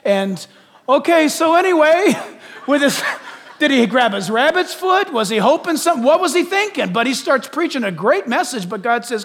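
A man preaching a sermon in an animated way, dropping to a hush and then rising to shouts. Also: very high voice, normal speed. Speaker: pastor. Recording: long hall reverb.

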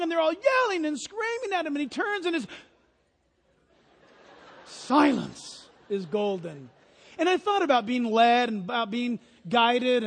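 A man preaching a sermon as pastor, telling stories with lively imitations of honking geese. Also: very high voice, big-room sound.

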